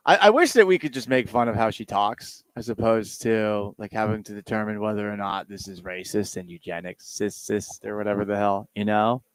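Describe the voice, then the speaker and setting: A man's voice: on the low side, a little fast, hardly any pauses, clean tone. A man hosting a sports radio show, talking casually in a sarcastic, rambling, self-mocking way.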